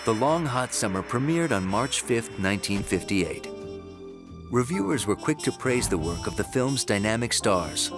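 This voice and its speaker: A man narrating a film history documentary in a measured, scripted storytelling style. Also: fairly low pitch, lively intonation, over music.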